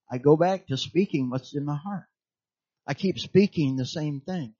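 A man's voice: fairly high pitch, moderate pace, darkish tone, dry recording, lo-fi sound. A man preaching a sermon in an emphatic, repetitive way, tossing questions out to his listeners for them to finish.

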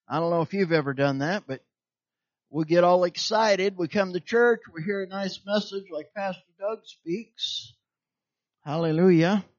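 A man's voice: high-pitched, dry recording, muffled recording. A man preaching a sermon in an emphatic, repetitive way, tossing questions out to his listeners for them to finish.

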